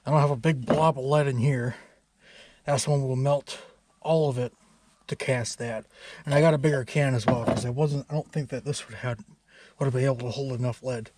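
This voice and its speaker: A man's voice: mid-range voice, moderate pace. Rambling man narrating his repairs. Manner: rambling, relaxed, with many fillers. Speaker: DIY truck repair vlogger. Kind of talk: casual workshop narration.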